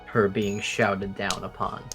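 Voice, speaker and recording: A male player at a tabletop game calmly describes what his character does. He speaks slowly and evenly, with faint music in the background. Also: on the low side, gravelly. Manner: relaxed, narrating his character's actions. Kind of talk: casual tabletop play.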